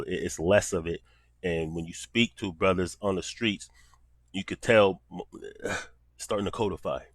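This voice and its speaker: A man's voice: medium pitch, fairly bright tone, no room sound. A man giving casual commentary in blunt, profane street talk.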